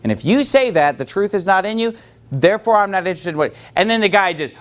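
A man's voice: high voice, big pitch swings, fast, fairly bright tone. A man preaching a sermon as pastor, emphatic and questioning, putting questions to his listeners.

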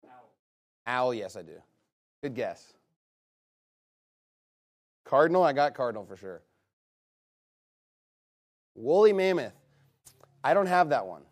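A man leading a casual game with an audience. He reads a long list aloud and breaks it up with quick, teasing asides. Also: medium pitch, very animated. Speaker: game leader reading out his list to players.

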